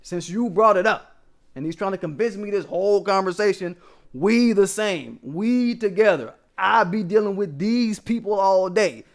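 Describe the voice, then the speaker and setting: A man's voice: high-pitched, lively intonation, moderate pace. A man vlogging a casual story to his viewers, emphatic and profane, often checking in with them.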